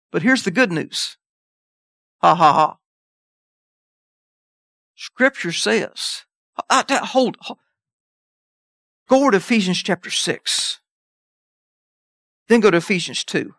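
A preacher gives an animated sermon, reading scripture and jumping up into high voices to make his point. His voice is bright and forceful. The recording is dry and close. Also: no room sound. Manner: animated, jumps into high voices, scripture in King James wording.

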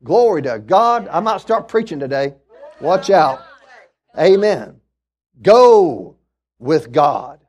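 High-voiced preaching pastor, man. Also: big pitch swings, takes it slowly, pauses often. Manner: preaching with rising shouts and call-outs; storytelling with asides. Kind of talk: sermon.

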